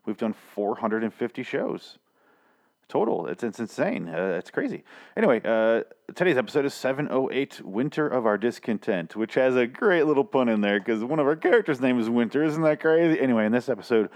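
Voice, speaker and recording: A man's voice: mid-range voice, animated, brisk, darkish tone. A man hosting a review podcast, talking casually in a rambling, profane way with many fillers and restarts. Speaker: podcast host reviewing a TV series. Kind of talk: casual chat.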